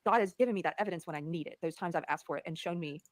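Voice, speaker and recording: A woman talking very fast and earnestly in a rather low voice, often restarting her sentences. The sound is close and dry. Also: no echo. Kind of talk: conversational podcast talk.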